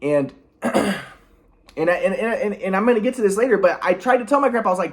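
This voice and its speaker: This vlogger has a high voice and rambles through a lengthy story about his own life. His delivery keeps stalling with restarts, repeated words, and throat-clearing.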